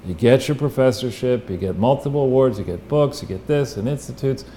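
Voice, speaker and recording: A man's voice: medium pitch, animated, fairly quick, mellow, slight background noise. A man giving casual political analysis as a guest, talking bluntly with restarts and the odd profanity.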